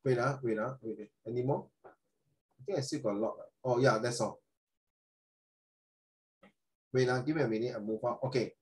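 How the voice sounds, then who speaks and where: An older man, teaching a lesson in a chatty, animated way and dropping in Chinese tag words. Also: medium pitch, quick pace, poor audio. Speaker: tutor. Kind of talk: online English lesson.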